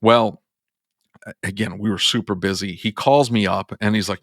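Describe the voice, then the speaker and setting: A man's voice: lowish voice, steady tone, normal speed, no echo, clean studio sound. A man who runs an auto repair shop, telling a story on a podcast and acting out both sides of his phone calls.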